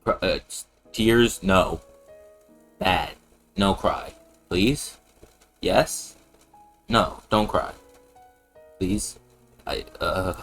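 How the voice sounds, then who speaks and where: A man's voice: deep voice, drawn-out words, pauses often, fairly bright tone. A young man streaming a game and commenting in a casual, slangy and joking way, repeating himself a lot. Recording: stream audio with faint game music.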